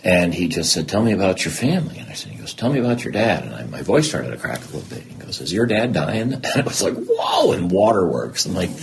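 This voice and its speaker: There's a little hiss or hum behind this middle-aged man's low, creaky voice, and he talks fast with hardly any pauses. As a podcast guest in a candid personal interview, he animatedly recounts his life and acts out remembered dialogue.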